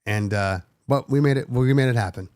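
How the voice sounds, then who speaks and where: A middle-aged man, a DJ hosting his own podcast, telling a personal story in a casual, animated way with plenty of fillers. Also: mid-range voice, a little fast, no room sound, studio quality. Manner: animated, emotional retelling with many fillers. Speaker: podcast host and DJ.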